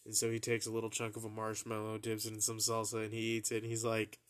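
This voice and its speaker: A man's voice: fairly low pitch, monotone, fast talker. A young man hosting a podcast, casually telling a rambling, profane story and laughing at his own jokes. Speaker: podcast host.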